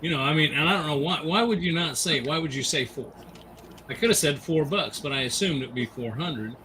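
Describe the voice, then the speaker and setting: Bright, high-ish man telling stories. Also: fairly quick, distant mic, a little hiss or hum, poor audio. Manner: animated anecdote teller. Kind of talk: casual storytelling.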